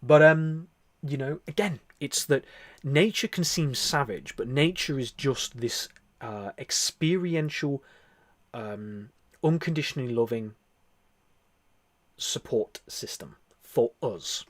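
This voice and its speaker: A man hosting a spiritual livestream, talking earnestly and repetitively, then softly whispering into a close microphone as he guides a meditation. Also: mid-range voice, animated, takes it slowly, no room sound. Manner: earnest, repetitive, soft-spoken. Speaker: livestream host.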